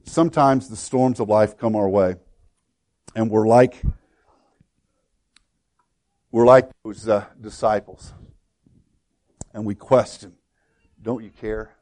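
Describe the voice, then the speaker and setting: A man preaching a sermon and leading a prayer, earnest, often repeating words and dropping to a hush for emphasis. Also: on the low side, measured pace, long pauses. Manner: earnest, repeats words, swings between loud and hushed. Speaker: pastor.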